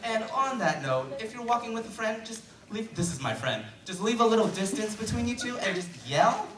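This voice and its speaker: Brisk, very animated and high-voiced, a teenage boy in his late teens does a self-deprecating stand-up set in a school auditorium, chatty and packed with fillers. The handheld mic on a stand is picked up from a distance in an echoey hall, with loud crowd laughter and slight background noise.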